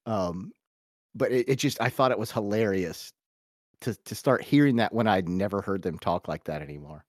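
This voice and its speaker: A man's voice: lowish voice, moderate pace, darkish tone, no echo, studio quality. A man in his forties with a Southern US accent, hosting a casual podcast chat, rambling and restarting his phrases. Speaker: podcast host.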